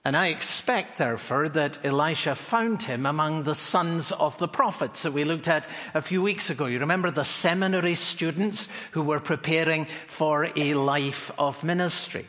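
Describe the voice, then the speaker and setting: A male preacher delivering an expository sermon in an animated storytelling manner. His voice sits a little higher than most men's. A long hall reverb trails after each phrase. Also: moderate pace, few pauses. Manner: animated storytelling, rhetorical questions.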